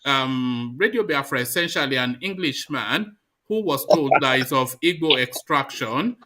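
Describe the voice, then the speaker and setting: A man's voice: medium pitch, animated, a little slow, sharp tone. A man hosting a live talk discussion, teasing callers and talking over them with stammered repeats. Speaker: host.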